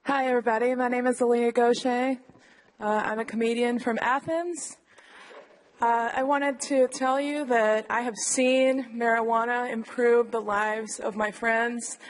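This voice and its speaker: Humble pleading woman, fairly high voice. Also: steady tone, unhurried, low-quality recording. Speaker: public commenter. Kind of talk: public comment. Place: council chamber.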